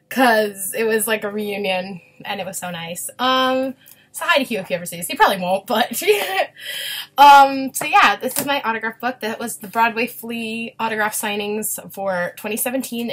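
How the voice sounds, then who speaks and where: A young woman chatting casually in a vlog, gushing and quick to get emotional. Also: mid-range voice, a bit bright. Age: young adult. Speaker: vlogger. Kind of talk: casual chat.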